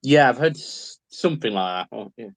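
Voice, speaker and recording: A man's voice: mid-range voice, animated, moderate pace, creaky, no echo. A man chatting casually while painting models, wondering aloud and giving short, easygoing replies.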